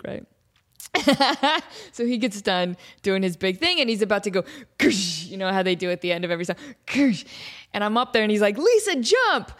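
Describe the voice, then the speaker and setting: A young adult woman hosting her podcast, telling stories in a casual, animated, self-mocking way, laughing often. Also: medium pitch. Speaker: podcast host. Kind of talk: casual storytelling monologue.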